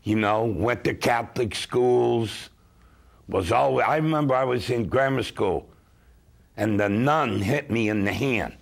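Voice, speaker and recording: A man's voice: mid-range voice, creaky. A middle-aged man, a consumer advocate telling emphatic stories on a talk show. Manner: slow, emphatic, lively storyteller. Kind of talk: storytelling talk-show chat.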